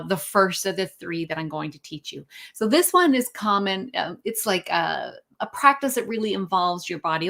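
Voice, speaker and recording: Woman calmly guiding a breathing lesson. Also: mid-range voice. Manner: relaxed, guiding, with fillers and self-corrections. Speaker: wellness coach. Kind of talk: live-streamed breathing lesson. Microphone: phone.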